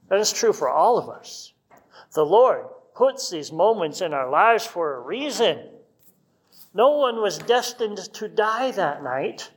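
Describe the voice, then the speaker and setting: A man preaching a sermon in a conversational way, asking his listeners rhetorical questions. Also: on the high side. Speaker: pastor.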